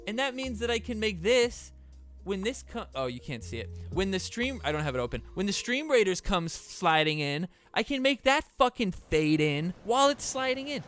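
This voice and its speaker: Young man, gaming streamer, casual profane chat, excitable, forceful bright voice, faint background music. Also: sits high, moderate pace. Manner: excitable, profane, exclaims in disbelief.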